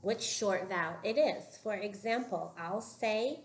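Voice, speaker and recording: A woman teacher giving a phonics lesson to young children, modeling words slowly and patiently. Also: mid-range voice. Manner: slow, patient, drawn-out word modeling. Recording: echoey room with faint room noise.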